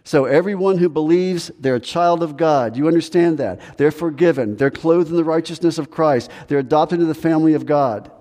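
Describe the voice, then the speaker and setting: Male pastor, mellow voice pitched a bit high, emphatic preaching, long hall echo. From United States. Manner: emphatic, repetitive preaching with dramatic pauses. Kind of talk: sermon.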